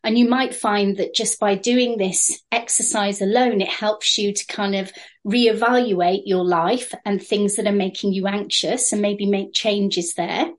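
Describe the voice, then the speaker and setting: A woman explaining a therapy exercise in a training session, calm and steady with occasional fillers. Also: mid-range voice, measured pace.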